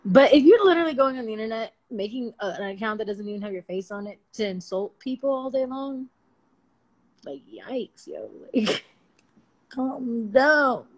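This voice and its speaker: A woman's voice: a little high, animated, normal speed. A woman in her twenties chatting casually and playfully with viewers on a phone livestream, slangy and laughing often. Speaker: livestream host. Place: home at night.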